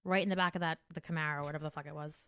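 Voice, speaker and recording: A woman comedian hosting a casual podcast chat, crude and animated, swearing freely. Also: sits low, very fast, dry recording, clean studio sound.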